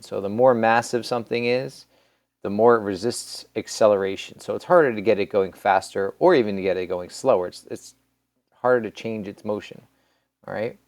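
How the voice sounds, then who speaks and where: A man with a lowish, smooth and resonant voice gives a recorded science lesson. He talks casually and rambles, restarting phrases and filling gaps with ums. The sound is dry and close. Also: dry recording. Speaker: teacher. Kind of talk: recorded classroom lecture.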